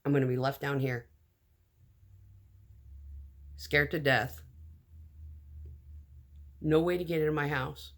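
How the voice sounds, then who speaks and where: A woman telling a personal story in a casual storytime vlog, animated and blunt, acting out the lines of the people in it. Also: low-pitched, slow pace, pauses often. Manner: animated, acts out quoted dialogue.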